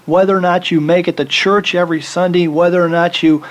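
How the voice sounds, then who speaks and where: A man's voice: sits high, fairly even intonation, fairly quick. A man preaching a sermon, teaching from the Bible and acting out the voices of the people he quotes.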